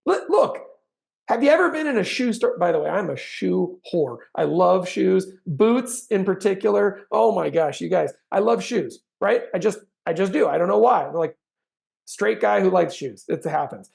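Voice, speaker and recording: A man giving an animated sales training talk, acting out client conversations with bursts of energy. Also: high-pitched, normal speed, creaky. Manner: animated, acts out sales dialogues with big swings in energy.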